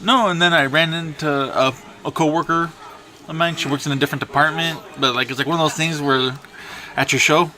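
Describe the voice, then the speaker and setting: A man's voice: on the high side, steady tone, brisk, bright, forceful tone. A man co-hosting a casual podcast, cracking sarcastic jokes and telling his own story. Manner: sarcastic, jokey interjections. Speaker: podcast co-host. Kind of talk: casual chat.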